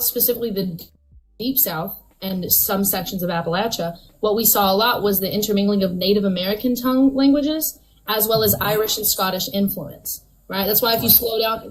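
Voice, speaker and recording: A woman's voice: mid-range voice, fairly quick, slight background noise, low-quality recording. A woman in a casual online debate, explaining her point at length with many fillers. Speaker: debate participant.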